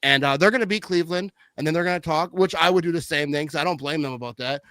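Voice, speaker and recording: A man talking casually about football, rambling with lots of fillers and animated swings in his voice. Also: fairly high pitch, quick pace, smooth, no room sound. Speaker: podcast guest. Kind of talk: casual sports chat.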